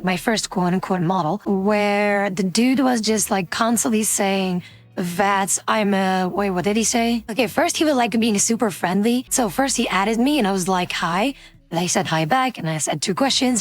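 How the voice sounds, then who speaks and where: Swearing, laughing young woman streamer. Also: a little high. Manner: animated, swears a lot, laughs often. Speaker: VTuber streamer. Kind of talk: casual stream chat, storytelling.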